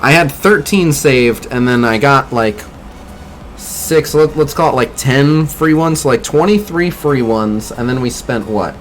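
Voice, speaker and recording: A man's voice: medium pitch, measured pace, soft background music. A man streaming a mobile game, chatting casually and critiquing what he sees while answering viewers. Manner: chatty, mildly critical, reacts to viewer chat. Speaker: gaming streamer. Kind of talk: casual gameplay commentary.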